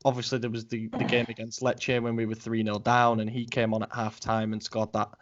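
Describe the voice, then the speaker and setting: Guy in his 20s, podcast co-host, rambling casual chat, mid pitch, dull lo-fi audio. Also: completely flat delivery, a little fast. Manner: chatty, rambling with many ums.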